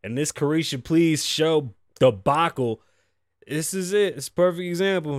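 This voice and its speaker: Hosting a relaxed podcast, this man in his thirties, raised in Puerto Rico, talks in a loose, profane, chatty way and drops in Spanish asides. His voice is a little high and moves at a normal speed, recorded in studio quality with no room sound.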